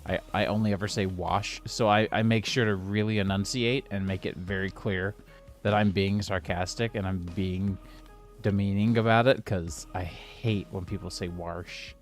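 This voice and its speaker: A man streams a building game, rambling casually and now and then snapping at it in exasperation. His voice is on the low side, with fairly even intonation and normal speed, and faint music plays behind him.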